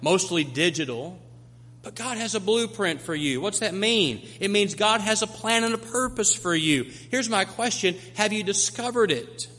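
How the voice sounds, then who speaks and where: A man's voice: sits high, expressive, normal speed, bright, forceful tone. A male pastor delivering a sermon, preaching with emphatic repetition to a congregation. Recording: long hall reverb.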